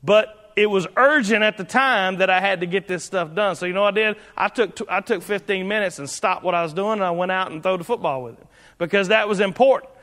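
A man's voice: high voice, fairly quick, fairly bright tone, in a large hall. A man preaching a sermon as pastor, in a folksy, conversational way with frequent restarts.

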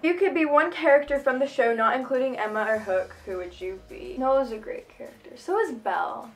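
Giggly excitable teen girl vlogger. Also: high voice. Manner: giggly and excitable, quick bursts of enthusiasm. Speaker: fan vlogger. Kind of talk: casual chat answering fan questions and dares. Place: at home. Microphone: phone camera.

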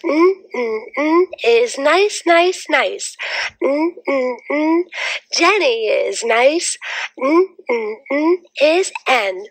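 A woman's voice: high voice, expressive, drawn-out words, no echo. A woman teacher leading young children in a sing-song phonics chant, sounding out letters rhythmically.

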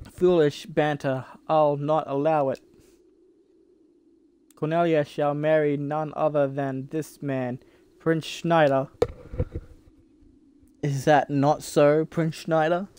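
A man voicing a stern, domineering old king in a stage play, who commands loudly in old-fashioned speech. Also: a little high, clear, resonant tone.

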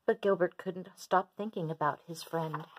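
A woman gently reading a children's storybook aloud in a steady storyteller voice. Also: lowish voice, normal speed.

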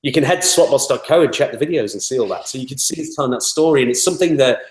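In an echoey room, a man with a mid-range voice races through a casual interview as a guest speaking for a toy startup. He's chatty and rambling, with many fillers.

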